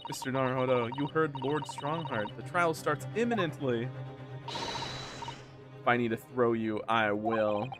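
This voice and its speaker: A man's voice: mid-range voice, unhurried, music in the background, close to an everyday voice. A man voicing a prim, earnest young woman assistant who speaks formally and firmly. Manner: formal, firm.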